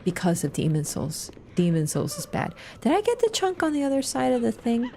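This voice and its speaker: A woman's voice: on the high side, wildly swooping pitch, fairly quick, vocal fry, warm tone, a little hiss or hum. A woman chatting casually through a gaming livestream, swearing freely, laughing and answering her chat.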